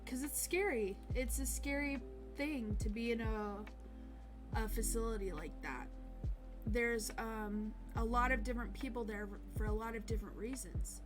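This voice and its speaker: A woman with a slightly high voice recounts a personal story in a halting, hesitant way, trailing off and restarting her sentences. Clear instrumental music plays steadily underneath her voice. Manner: halting, hesitant, with many pauses and fillers. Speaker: streamer.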